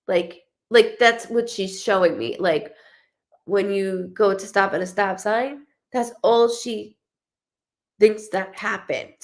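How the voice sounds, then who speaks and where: A woman psychic medium giving a live reading, her voice gravelly with a steady vocal fry. She talks in a chatty, animated way, stopping and restarting sentences and acting out the voices she passes on. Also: mid-range voice, takes it slowly.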